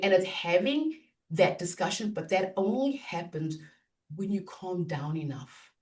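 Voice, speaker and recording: A woman business coach talking in a podcast interview, animated and acting out inner self-talk. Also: lowish voice, unhurried, distant mic.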